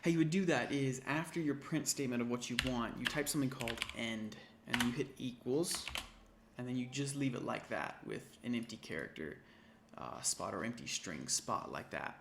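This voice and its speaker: Gravelly man talking through code. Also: mid-range voice, moderate pace, background noise. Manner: casual, thinks aloud, corrects himself as he types. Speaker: programming tutor. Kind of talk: screen-recorded coding walkthrough. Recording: typing and keyboard clicks behind.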